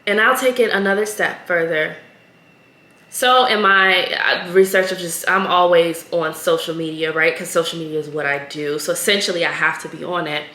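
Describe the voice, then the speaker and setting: A woman hosts her podcast solo, talking in an earnest, emotional way as she tells a story. Her voice is bright and crisp. The sound bounces around an echoey room. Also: on the low side, fairly even intonation, normal speed. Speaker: podcast host. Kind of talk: casual solo podcast talk.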